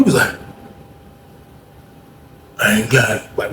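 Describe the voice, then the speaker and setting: A man casually telling a story, animated and acting out the people he quotes in a higher voice. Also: normal speed, pauses often. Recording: echoey room with faint noise.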